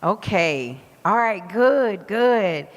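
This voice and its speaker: A woman's voice: medium pitch, animated, very slow. A woman with an Alabama accent giving a motivational talk to a live audience, engaging the crowd with questions. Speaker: guest speaker. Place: event venue with live audience. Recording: reverberant event hall.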